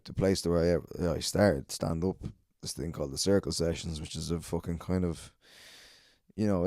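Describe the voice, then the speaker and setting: An Irish podcast host and stand-up comedian speaks in a low, dark voice, recorded with studio quality and no echo. On his own, he rambles through a profane anecdote in a casual storytelling style.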